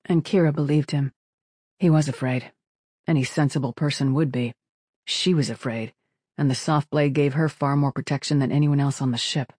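A man narrating a science fiction audiobook in a steady, measured way. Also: a little high, dry recording, studio quality. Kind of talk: scripted narration.

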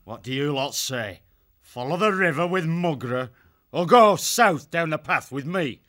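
A man voicing a brutal, swaggering male ferret warlord who talks in a rough, slangy, taunting way. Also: on the high side, animated, measured pace, pushed and bright, voice pushed up.

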